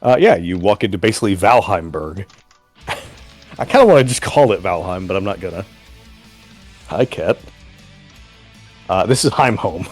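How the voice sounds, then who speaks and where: A man running a tabletop game as game master, laid-back, laughing often and slipping into quick character voices. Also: deep voice, big pitch swings, a little mellow, slightly rough, soft background music.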